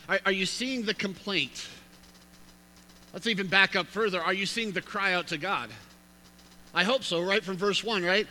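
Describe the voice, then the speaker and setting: Preaching in a bright, forceful voice that sits high, a man reads scripture with emphatic, building intensity at normal speed, pausing for chatty asides to his audience.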